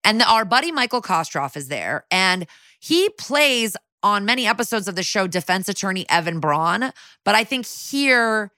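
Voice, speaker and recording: A woman co-hosting a podcast, casually recapping a TV crime episode and quoting the characters in quick put-on voices. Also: mid-range voice, big pitch swings, sharp tone, no room sound. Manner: chatty, quotes characters in little voices. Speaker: podcast co-host.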